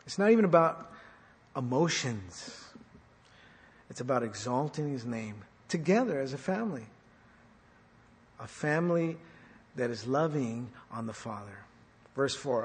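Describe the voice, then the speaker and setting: A man's voice: mid-range voice, sing-song, unhurried, pauses often, slightly rough. Man preaching in an echoey hall. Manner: dynamic preaching, swings loud and soft, rhetorical questions. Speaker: pastor. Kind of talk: sermon.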